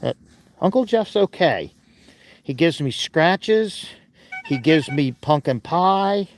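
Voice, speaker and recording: Brief: contented longhorn steer, voiced by a man, folksy chatter, fairly high, close and dry. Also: animated, takes it slowly, no echo, soft background music.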